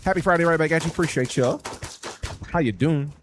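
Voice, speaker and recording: A man's voice: a little high, a little fast, noisy background. A young adult man streaming a game live, chatting casually, with profane, joking commentary and sudden sing-song bursts. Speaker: gaming streamer.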